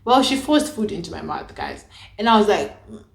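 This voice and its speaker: A woman's voice: sing-song, brisk, creaky. Chatty young woman vlogger, echoey room. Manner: chatty, dramatic, acts out her own past lines with big pitch jumps. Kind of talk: casual storytelling to camera.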